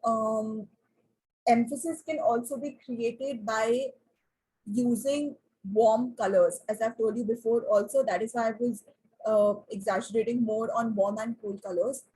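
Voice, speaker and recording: A woman teacher, her voice very husky and breathy and set somewhat high. She lectures an online class, often asks the class questions, and fills her pauses with "uh" and "um.". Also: fairly even intonation, mellow, poor audio.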